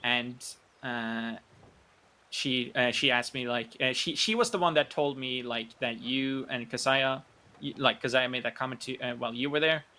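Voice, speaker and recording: Hesitant man with a bright, forceful tone. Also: medium pitch, steady tone, normal speed. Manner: hesitant, many fillers and restarts. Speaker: role-play character investigating a dispute. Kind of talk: in-character role-play talk.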